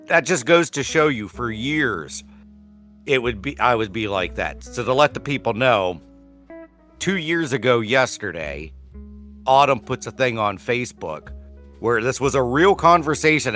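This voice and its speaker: A man, co-hosting a casual podcast chat and telling stories that act out the quotes. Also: mid-range voice. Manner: animated storyteller, acts out quotes loudly. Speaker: podcast co-host.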